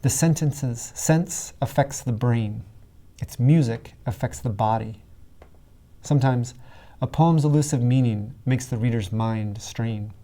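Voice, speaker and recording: A male writing instructor narrates a scripted lesson with a mellow, relaxed tone at a middling pitch. He speaks clearly and deliberately and stresses his example words heavily.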